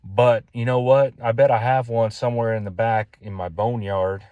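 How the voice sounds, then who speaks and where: A man's voice: mid-range voice, steady tone, moderate pace, mellow, clean tone, no room sound, muffled recording, pitched above the performer's own voice, lightly acted. A man voicing a friendly paint store owner with a thick Texas accent. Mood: helpful.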